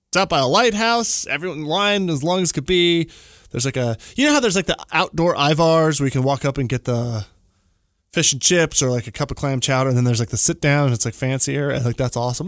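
Animated man ranting on his podcast. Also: fairly quick, no echo, clean studio sound. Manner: animated, exaggerated jumps in pitch when ranting. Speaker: podcast host. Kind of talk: casual solo podcast monologue.

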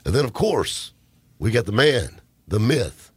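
A man hosting a car radio show in a studio, joking and bantering loudly with guests. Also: lowish voice, measured pace, slightly rough, no room sound. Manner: joking, boisterous, lively banter. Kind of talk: casual studio radio chat.

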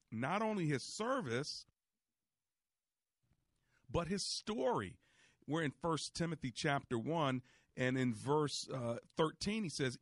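A man's voice: medium pitch, no room sound. Male host of a call-in ministry show, preacherly and encouraging, recorded dry and close. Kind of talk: radio ministry talk with callers.

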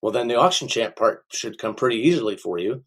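Middle-aged guy auctioneer, gravelly voice, talks slow and easy, breaks into auction chant. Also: mid-range voice, animated, fairly bright tone. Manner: unhurried, with restarts and a sing-song auction chant demo. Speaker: auctioneer and small business owner. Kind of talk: conversational interview answers.

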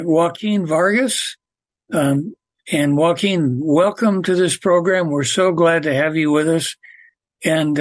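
A man hosting a faith program, asking slow, measured questions with fillers. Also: fairly high pitch, no room sound. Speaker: host.

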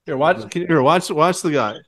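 A man with a slightly higher voice tells a story in casual chat. He laughs as he goes and acts out the people in the story with lively, shifting voices. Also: moderate pace. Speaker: podcast co-host.

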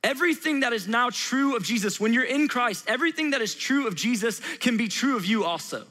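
A man's voice: very high-pitched, lively intonation, fairly quick, sharp tone. A young adult man preaching a sermon as a pastor, earnest and conversational, repeating his phrases for emphasis. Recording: long reverb of a large hall.

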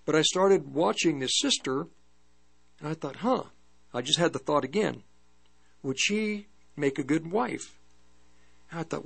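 An older man preaches with a slightly high voice, stopping and restarting as he tells a story from his past. A low mains hum sits under the recording. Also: animated, creaky, breathy edge. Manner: halting, storytelling, frequent restarts. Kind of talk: testimony sermon.

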